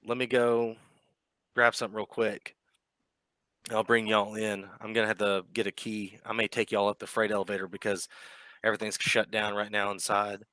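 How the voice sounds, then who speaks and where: A man doing a brisk, practical cop. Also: on the low side, flat delivery, sharp tone, dry recording. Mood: hurried. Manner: brisk, casual drawl with y'all. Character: hurried male cop, plain-spoken and practical.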